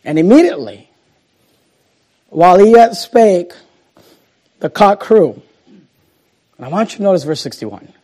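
A male pastor preaching a sermon and reading scripture, moving between loud emphasis and hushed, slowed lines. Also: high voice, very animated. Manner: dramatic swings between loud emphasis and hushed, slow delivery.

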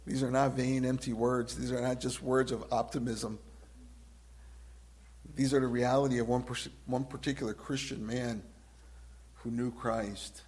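A man preaching a sermon as a pastor, swinging from loud emphasis to hushed, drawn-out words and asking his listeners direct questions. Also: mid-range voice. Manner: asks the congregation direct questions.

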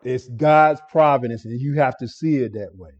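A man's voice: medium pitch, moderate pace, highs cut off. A man preaching an expository sermon as pastor, earnest and stumbling over repeated words as he explains a passage.

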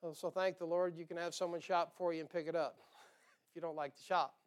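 A man preaches in a church, his voice pitched high and ringing clear. He is folksy and joking, and he keeps checking in with the congregation by asking "amen?". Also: little pitch movement, a little fast. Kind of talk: sermon. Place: church sanctuary.

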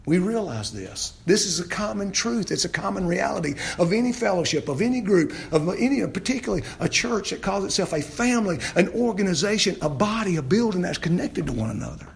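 A man preaching an expository sermon as pastor, asking the congregation questions, repeating phrases and rising to loud, emphatic peaks. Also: high voice, very animated, brisk, gravelly, hardly any pauses.

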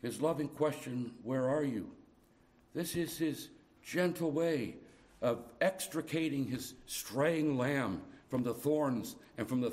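A middle-aged man preaching a sermon, moving from soft, tender passages to loud, urgent appeals. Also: medium pitch.

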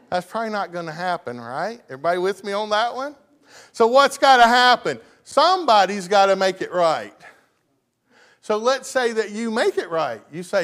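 A pastor preaches in a church, talking with his congregation in a folksy, chatty way. His voice sits a little high for a man, and he often chuckles and tosses questions out to the pews. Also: expressive, moderate pace, fairly bright tone. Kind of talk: sermon. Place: church sanctuary.

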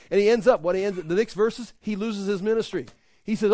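A man teaching the Bible in an animated, conversational way, often laughing. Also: high voice, brisk, dry recording, studio quality.

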